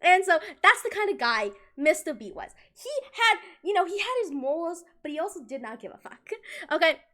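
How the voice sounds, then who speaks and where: A young woman streamer telling a rambling, animated story in casual chat, full of restarts and giggles. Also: extremely high pitch, fairly quick.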